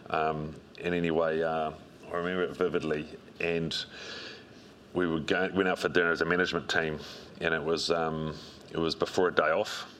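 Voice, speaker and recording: Very deep-voiced New man, relaxed. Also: normal speed, slight background noise. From New Zealand. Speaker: strength and conditioning coach, guest. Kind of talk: interview storytelling.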